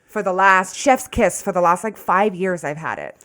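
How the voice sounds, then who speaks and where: A woman's voice: fairly low pitch, normal speed, fairly bright tone, slight background noise. A woman in her twenties co-hosting a podcast, talking bluntly and casually with frequent swearing. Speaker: podcast co-host. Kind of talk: casual chat.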